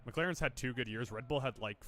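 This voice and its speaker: A man's voice: mid-range voice, quick pace, fairly bright tone. A man co-hosting a podcast in casual chat, rambling and teasing with dry humor. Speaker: podcast co-host.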